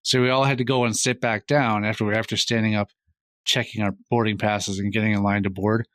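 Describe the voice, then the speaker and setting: A man's voice: lowish voice, a little fast, no room sound. A middle-aged man co-hosting a podcast, telling an anecdote in casual chat and acting out the lines of the people in it. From Minnesota. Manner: animated retelling, acting out other people's lines. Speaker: podcast co-host.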